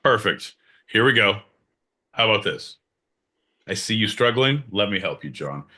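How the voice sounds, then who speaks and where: Homem animado de voz brilhante e baixa, podcast. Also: male voice, lowish voice, moderate pace. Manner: animated, crude jokes, swings into loud mock outbursts. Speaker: podcast co-host. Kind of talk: casual comedic banter.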